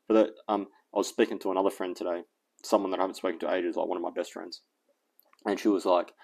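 A man's voice: deep voice, level tone, fast talker, creaky, darkish tone, slightly rough. An Australian man whose accent has drifted toward American, hosting a fitness channel in a casual, rambling vlog rant that is full of self-corrections and chuckles. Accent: Australian mixed with American.

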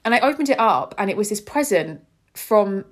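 A woman's voice: medium pitch, expressive, moderate pace. A woman, a podcast host telling a personal story in a candid, heartfelt way with frequent ums.

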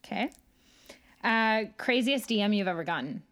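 A woman's voice: medium pitch, animated, normal speed, a bit bright. A woman with a Midwest American accent, hosting a podcast in an upbeat way and laughing easily. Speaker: podcast host.

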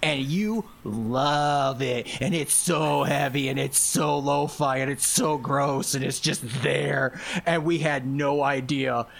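A man's voice: mid-range voice, slow, gravelly, hardly any pauses, slight background noise. A man casually telling a wild story, swearing constantly, laughing often and acting out what people said. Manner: animated, laughing, heavy swearing, acts out quotes.

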